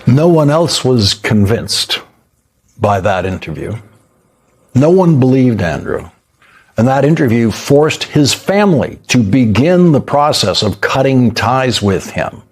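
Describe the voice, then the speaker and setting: A man's voice: mid-range voice, big pitch swings, a little slow, slightly rough. A male news host delivering scripted, emphatic commentary with pointed repetition, speaking from a studio.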